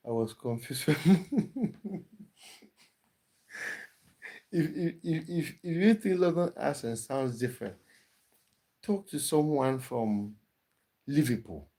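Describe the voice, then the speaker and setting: An unhurried man with a warm, mid-range voice chats informally with his livestream audience. Reading their comments aloud, he often repeats words when he restarts a sentence.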